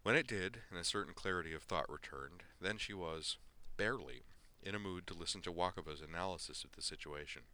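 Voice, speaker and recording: A man narrating a story aloud in an expressive, measured way. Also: sits low. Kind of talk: story reading.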